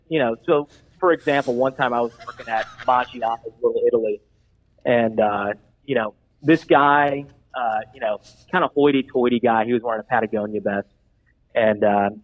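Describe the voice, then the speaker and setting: An eager man rambles earnestly through a mock job interview, full of restarts and asides. His voice comes through thin and tinny, like a phone call. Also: medium pitch. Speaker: comedic job applicant guest. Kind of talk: improvised comedy bit.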